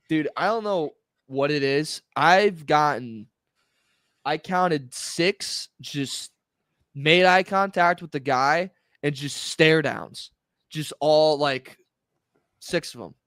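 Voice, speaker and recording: A man's voice: fairly high pitch, takes it slowly, fairly bright tone, smooth, no room sound, clean studio sound. A man co-hosting a casual podcast, telling family stories and laughing through them. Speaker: podcast co-host. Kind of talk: casual storytelling chat.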